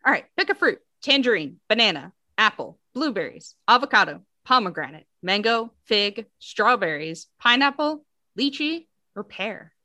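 An American woman co-hosting a podcast, chatting casually and reading quiz options out with lively rises. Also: a little high, moderate pace, no echo. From United States. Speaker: podcast co-host. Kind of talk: casual chat.

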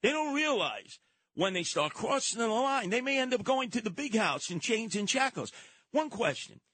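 A man's voice: extremely high pitch, big pitch swings, moderate pace, pushed and bright, slightly rough, no echo. A man talking as a studio guest, emphatic and combative, telling stories with punch. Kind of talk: casual chat.

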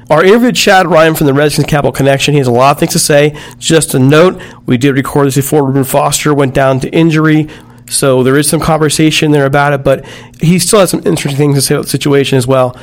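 A man hosting a sports podcast, his voice pitched slightly above the usual. He talks briskly and keeps things moving, chatting casually with listeners. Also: steady tone. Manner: brisk, rushes through reads. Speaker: podcast host.

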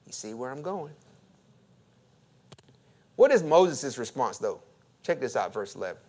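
Speaking unhurriedly with a medium pitch and big pitch swings, a pastor leads his congregation in call and response during his sermon. He voices quoted questions with a rising lilt and alternates loud emphasis with quiet asides.

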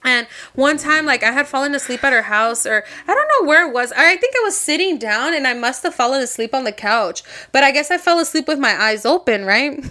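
A young woman with a high voice co-hosts a casual podcast chat. She tells her stories with loose profanity and frequent laughter. Her delivery is loose and conversational. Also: lively intonation, brisk, bright, forceful tone. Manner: swearing, storytelling, laughs often. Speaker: podcast co-host.

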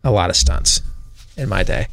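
A man from Michigan, a radio talk show host, telling a long story in a rambling, animated way with many fillers and laughs. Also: low-pitched, moderate pace. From Michigan, USA.

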